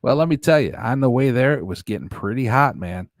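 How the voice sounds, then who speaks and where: A man's voice: mid-range voice, lively intonation, fairly quick, no room sound, studio quality. A man hosting a casual live stream, reading chat aloud, joking and laughing often. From United States. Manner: laughs often, jokey, plays silly voices for chat.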